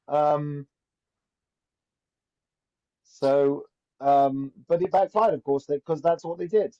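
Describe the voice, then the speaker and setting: A man's voice: fairly high pitch, moderate pace, pauses often, warm tone. A man teaching an informal Torah class as a rabbi, chatty and anecdotal, often asking "right?". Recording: dull lo-fi recording.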